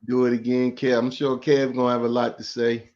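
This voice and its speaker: A man's voice: medium pitch, little pitch movement, brisk, darkish tone, highs cut off. A man joining a late-night podcast, laid-back and tired, speaking in casual slang.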